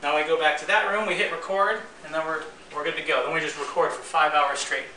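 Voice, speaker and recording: A man hosting his podcast, casually walking through his recording and editing setup in a relaxed, rambling way with frequent restarts. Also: fairly high pitch, quick pace, slight background noise, poor audio. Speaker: podcast host and editor. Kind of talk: casual gear walkthrough.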